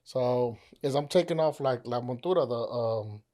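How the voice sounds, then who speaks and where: A man's voice: medium pitch, normal speed, mellow. A man on a podcast, casually telling a ghost story, rambling, swearing and acting out the people in it. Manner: rambling, acts out quoted voices, swears, laughs often.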